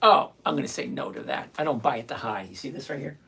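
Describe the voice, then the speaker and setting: A man in his sixties hosts a casual live stream and reads viewers' questions aloud from the chat. His voice sits at an ordinary middle pitch. He answers bluntly and brushes things off. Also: lively intonation, quick pace, gravelly, bright, forceful tone, husky. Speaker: livestream host answering chat.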